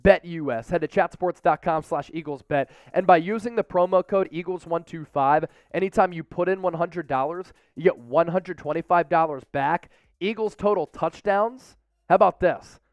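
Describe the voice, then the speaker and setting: A man hosting a live sports news show, delivering energetic commentary with salesy hype. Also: sits high, dry recording.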